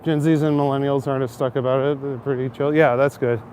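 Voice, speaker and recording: A man's voice: medium pitch, steady tone, quick pace, a little mellow. A man in his thirties talks to his stream while he walks outdoors through city streets. His talk is loose and casual, with swearing and frequent laughs. Faint traffic noise hums behind him. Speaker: livestreamer. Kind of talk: casual walking livestream chat.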